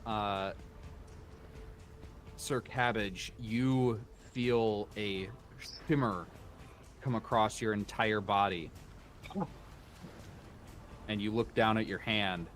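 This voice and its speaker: Man, game master, low voice, very slow dramatic narration. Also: steady tone, fairly bright tone, faint music behind. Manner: slow, deliberate, dramatic pauses.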